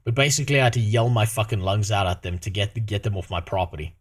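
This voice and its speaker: A man's voice: fairly low pitch, steady tone, fast. A man streaming casually with a sore throat, swearing often and ranting animatedly. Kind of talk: casual reaction stream chat.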